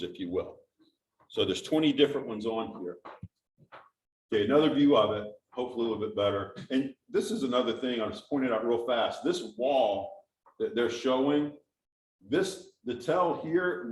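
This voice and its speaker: A man's voice: medium pitch, a little mellow. A man giving an informal, conversational talk to a church audience, explaining as he goes and asking the listeners questions. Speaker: church speaker. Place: church sanctuary. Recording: echoey hall from a distance.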